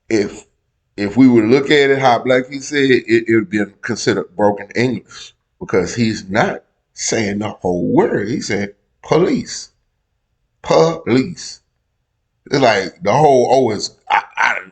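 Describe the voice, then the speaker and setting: A man reacting to a video in loose, slangy casual talk, stopping it to explain his point emphatically. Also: fairly low pitch. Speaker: reaction streamer.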